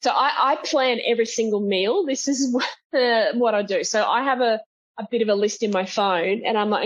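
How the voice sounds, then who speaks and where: Comedian guest: Queensland-accented woman, slightly high voice, dry self-mocking wit, dull lo-fi call sound. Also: a little fast. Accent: Queensland Australian. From Brisbane, Australia. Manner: wry, self-deprecating, joking. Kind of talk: casual interview chat. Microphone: video call. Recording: muffled video call audio.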